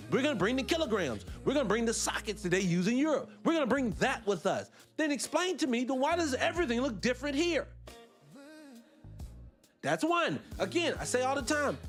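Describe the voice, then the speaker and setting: A middle-aged man from the United States hosting a casual livestream, talking emphatically and firing off rhetorical questions. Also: very high-pitched. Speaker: livestream host.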